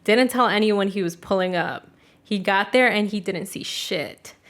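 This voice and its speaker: A woman's voice: medium pitch, normal speed, a bit bright. A young adult woman hosting a podcast, chatting casually and cursing freely, peppering her talk with "like" and acting out the voices of people in her stories. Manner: loose and profane, with heavy filler "like"; retells family stories by acting out the quotes. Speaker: podcast host. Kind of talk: casual chat.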